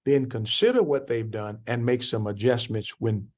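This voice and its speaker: Older man preaching to a church class, lively, takes the class's questions. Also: normal speed. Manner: preaching, acts out quoted speakers with rising pitch; answers written questions from the class.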